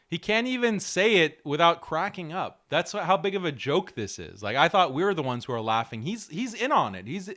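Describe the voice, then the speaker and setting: A man's voice: on the high side, pushed and bright. A man hosting a show, reacting to clips with mocking commentary and frequent laughter. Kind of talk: casual commentary.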